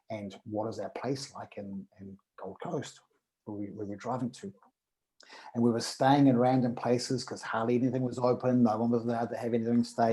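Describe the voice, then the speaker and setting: A man, a podcast guest, telling a personal story in casual conversation and acting out the dialogue with lively energy. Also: medium pitch, rough recording.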